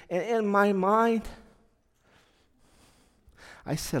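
Slow, earnest man telling a testimony. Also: high-pitched, sing-song, big-room sound. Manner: slow, earnest storytelling that swings from hushed to loud. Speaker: speaker giving a testimony. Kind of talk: personal testimony talk.

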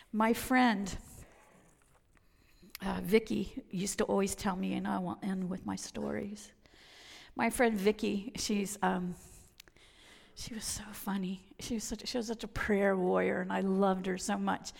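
Gravelly woman preaching in a big hall. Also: mid-range voice. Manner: dramatic shifts from loud to whispered. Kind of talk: sermon with personal stories. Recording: long reverb of a hall.

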